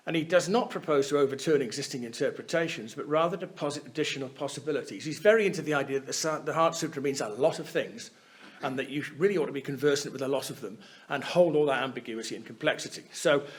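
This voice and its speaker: A man teaching at a Buddhist centre, giving a chatty, explanatory talk and often checking in with his listeners. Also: fairly high pitch. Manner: conversational, keeps checking in with "yeah?".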